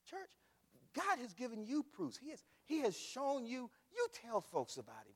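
Gravelly preacher with lively swinging delivery. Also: male voice, very high voice, normal speed, big-room sound. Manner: swings from hushed storytelling to loud preaching; folksy, addresses the congregation as y'all. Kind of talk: sermon.

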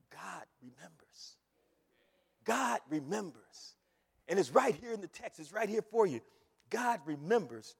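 Male preacher, high lively voice, sermon in a reverberant church. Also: slightly rough. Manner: animated, repeats phrases, rises to shouts. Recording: long hall reverb.

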